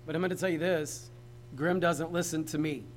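His voice a little high and his intonation fairly even, a man delivers a conversational sermon at a moderate pace, directly addressing the congregation and often questioning them. Poor audio carries a slight hiss or hum.

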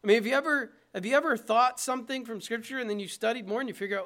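A man's voice: very high voice, racing, fairly bright tone. A man preaching a sermon from the pulpit, emphatic and conversational, with asides to the congregation. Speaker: pastor. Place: church.

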